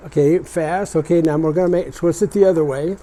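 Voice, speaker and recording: A man's voice: fairly high pitch, fairly even intonation, brisk, warm tone, rough recording. Patient older man teaching motorcycle repair. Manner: patient, step-by-step instruction. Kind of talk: hands-on demonstration.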